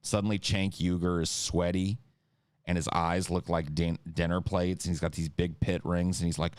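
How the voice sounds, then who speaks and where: Cursing freely, a very low-voiced man co-hosting a podcast tears into politics, mimicking his opponents with animated, mocking impressions. He keeps a moderate pace, and the sound is clean, dry, close to the mic and free of room sound. He's an adult who has seen an incumbent lose twice in his lifetime.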